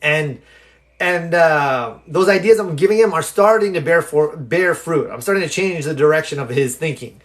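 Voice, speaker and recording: A man's voice: a little high, moderate pace. A man hosting a live stream, telling a story in a loose, talkative way and acting out the voices of the people in it. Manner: animated storyteller who acts out quoted people in the story; loose and talkative, with fillers and restarts. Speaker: live stream host answering viewer questions.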